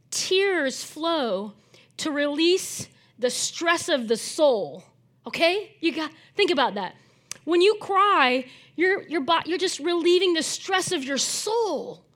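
A woman's voice: high voice, lively intonation, slow, fairly bright tone. A middle-aged woman pastor giving a sermon in an earnest, conversational way, often checking in with her listeners. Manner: conversational, earnest, frequent tag questions.

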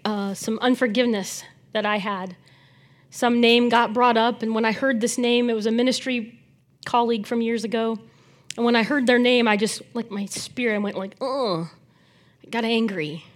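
This woman preacher has a fairly high-pitched voice and an animated style. She alternates between forceful, loud emphasis and quiet, almost whispered remarks, sometimes exchanging words with her congregation.

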